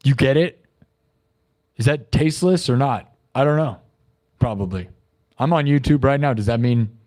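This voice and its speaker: A man hosting a livestream, chatting casually in a rambling, excitable and joking way. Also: mid-range voice, moderate pace. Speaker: livestream host.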